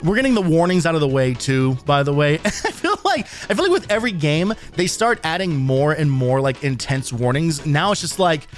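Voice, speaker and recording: A young man doing let's-play commentary, animated and sarcastic, breaking into laughs as he goes. His pitch is lively and sits a little high for a man. Faint game music runs behind him. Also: moderate pace. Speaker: streamer.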